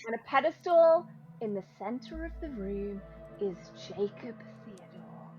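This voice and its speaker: High-voiced woman game master. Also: lively intonation, unhurried, mellow, dull audio, soft background music. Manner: descriptive, playful. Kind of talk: narrating a tabletop game.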